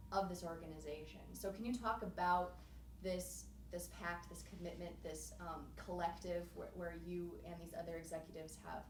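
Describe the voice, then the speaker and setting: A woman asking long, halting interview questions, recorded off-mic. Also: lowish voice, far from the mic, slight background noise. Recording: echoey, off-mic with faint ambience.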